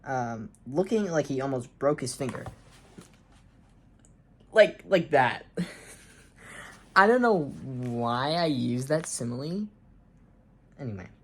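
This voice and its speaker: Brief: young woman, low and lively voice, mocks her own childhood story between lines. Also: a little slow. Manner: sarcastic asides, frequent ums and uncertain trailing off. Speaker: reader and commentator. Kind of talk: reading her own childhood story aloud with mocking commentary.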